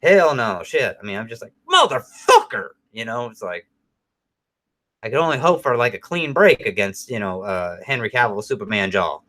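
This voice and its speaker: A man's voice: fairly low pitch, moderate pace. A middle-aged man co-hosting a show, chatting casually and telling stories in a rambling, profane way. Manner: profane, rambling, animated storytelling. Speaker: podcast co-host.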